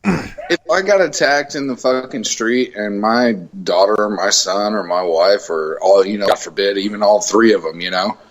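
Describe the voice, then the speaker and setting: A man's voice: lowish voice, normal speed, low-quality recording. A man guesting on a podcast, talking emphatically and swearing a lot in casual chat. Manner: emphatic, profane.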